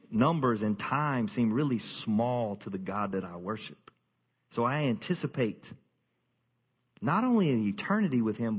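Male pastor, husky voice, lively jokey sermon delivery, long hall reverb. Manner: animated, jokey preaching with sudden high-pitched bursts.

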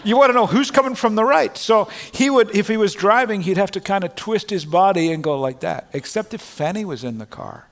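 A middle-aged male pastor preaching a sermon in a church. He is earnest and moves between loud proclamation and quiet, personal asides. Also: high voice, a little fast, few pauses. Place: church sanctuary. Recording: long reverb of a large hall.

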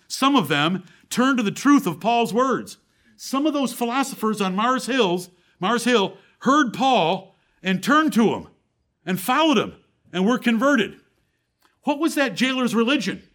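A high-voiced man delivers a sermon to his assembly, posing rhetorical questions and quoting from the Bible. His preaching builds to fervent peaks before sinking into a hushed, low tone.

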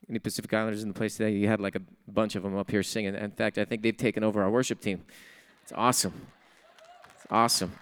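A man's voice: high-pitched, fairly bright tone. A male pastor preaching a sermon in a church, emphatic, repeating key phrases and putting questions to the congregation. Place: church sanctuary.

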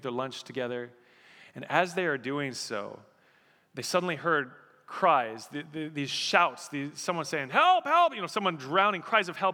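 A man preaching a sermon as pastor, moving from quiet storytelling to loud, fervent pleading. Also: medium pitch, clean tone, big-room sound. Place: church sanctuary.

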